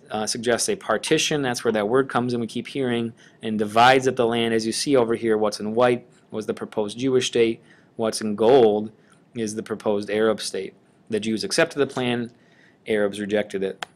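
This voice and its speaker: A male teacher narrates a screencast lesson over a map. His voice sits low and stays level, with little rise or fall. He talks casually and points to places as he goes. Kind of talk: classroom screencast lecture.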